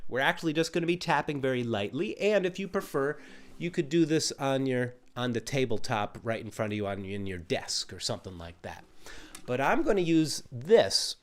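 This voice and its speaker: A man teaching a live ukulele lesson in a calm, encouraging, gently meditative way. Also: mid-range voice. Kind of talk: live-streamed music lesson.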